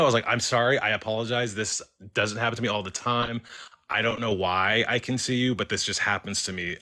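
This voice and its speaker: A young man with a lowish voice speaks fast as a caller on a live stream, telling a personal ghost story in casual chat. He's animated and acts out the voices he quotes.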